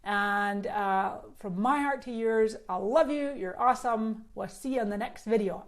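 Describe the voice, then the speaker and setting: A woman's voice: on the high side, unhurried, hardly any pauses. A middle-aged woman with a Scottish-Canadian accent, chatting bubbly and casually on a live stream and answering viewer comments, filmed on a phone on a selfie stick. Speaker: social media marketing host.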